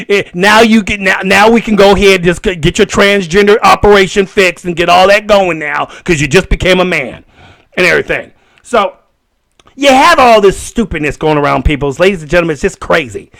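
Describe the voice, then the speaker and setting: A man hosting a solo podcast, ranting in an animated way and laughing often. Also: sits high, moderate pace, vocal fry. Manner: animated and laughing, acts out voices. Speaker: podcast host.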